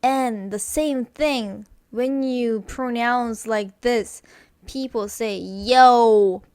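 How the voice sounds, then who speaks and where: A woman whose first language is Korean teaches pronunciation in English at a very slow, deliberate pace. She stretches each example sound, says it again and again, and fills the gaps with fillers. Her voice is dry and close, with little room sound. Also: a little high, a little mellow, no echo. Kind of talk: slow, repetitive pronunciation lesson.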